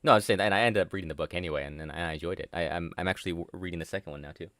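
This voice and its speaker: A man's voice: sits low, very fast, a bit bright, no echo. A man hosting a casual commentary chat who rambles, swears freely and mocks himself. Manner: rambling, swears a lot, self-mocking. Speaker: host.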